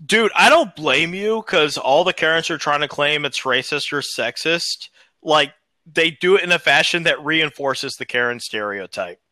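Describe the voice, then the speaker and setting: Tipsy male co-host, very bright tense tone, wordy tangents, dry room. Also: fairly high pitch, expressive, moderate pace, no room sound. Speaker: podcast co-host. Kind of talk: casual chat.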